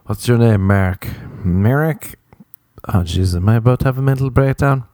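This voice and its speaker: A man's voice: mid-range voice, moderate pace, warm tone, dry recording, clean studio sound. A young Irish man hosting a podcast, ranting in a profane, exasperated, sarcastic comic monologue. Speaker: podcast host. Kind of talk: comedic solo podcast rant.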